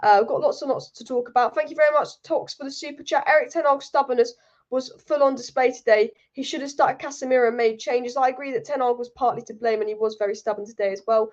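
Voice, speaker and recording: A young woman hosts a live-streamed football fan show, ranting heatedly and reading viewer comments aloud. Her voice sits high. The stream audio is dull and lo-fi. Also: fairly even intonation, quick pace. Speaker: football channel host.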